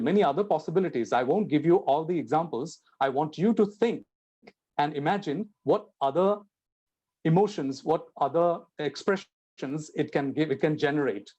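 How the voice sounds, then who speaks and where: A man's voice: fairly high pitch, warm tone, breathy edge. A man giving a spoken English lesson, explaining and acting out example sentences with changing intonation and stress. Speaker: teacher.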